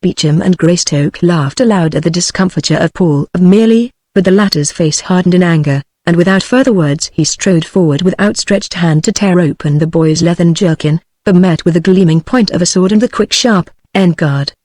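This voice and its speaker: Reading an audiobook aloud, this computer-generated female narrator has a lowish voice and a British English accent. Her delivery stays steady and measured, and there's no room sound.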